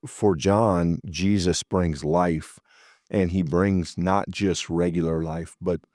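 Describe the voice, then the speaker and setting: Man, low voice, mellow tone, reflective Bible study talk, small stammers at phrase starts. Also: no room sound, clean studio sound. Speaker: pastor in a Bible study discussion. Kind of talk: conversational Bible teaching.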